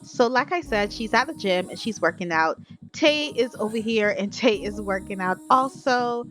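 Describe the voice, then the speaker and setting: A woman's voice: on the high side, animated, normal speed, fairly bright tone. A woman vlogger narrating her life-sim gameplay in a chatty way, talking straight to her viewers. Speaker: gaming vlogger.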